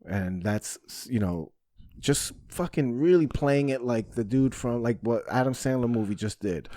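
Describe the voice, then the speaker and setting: A man in casual podcast chat, telling his story with a profane, animated edge. His voice sits at an ordinary pitch and sounds dry and close, with no room behind it. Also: measured pace, dry recording. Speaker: podcast host.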